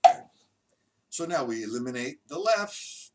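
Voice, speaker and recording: A man's voice: mid-range voice, big pitch swings, measured pace, pauses often. A man teaching drums in a live stream, counting beats aloud in a loose, chatty way. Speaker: drum instructor. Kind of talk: live-streamed drum lesson. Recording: distant mic, loud background noise.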